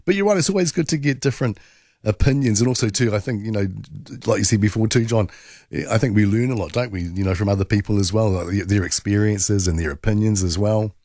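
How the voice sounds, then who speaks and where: A man's voice: lowish voice, fast talker, darkish tone, no echo, studio quality. Chatty New Zealand radio host man. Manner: chatty, rambling, many fillers. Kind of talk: overnight talkback radio. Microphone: studio microphone.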